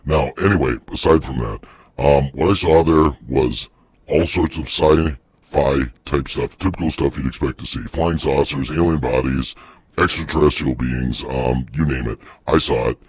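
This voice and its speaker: A man doing a gruff, husky ex-Area-51 scientist. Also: very deep voice, normal speed, no echo, voice pushed down. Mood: deadpan. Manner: gruff, exasperated, keeps repeating himself. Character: irritable middle-aged male ex-Area-51 scientist.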